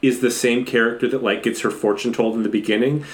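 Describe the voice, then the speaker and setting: A podcast co-host riffing on a movie in casual chat, sardonic and profane, with sudden jumps into a higher voice when excited. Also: fast.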